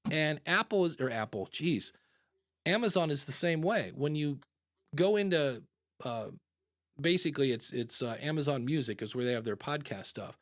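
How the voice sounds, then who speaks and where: A man hosting a podcast in casual chat, animated and acting out quoted voices. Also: on the high side, normal speed, dry recording, clean studio sound. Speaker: podcast host.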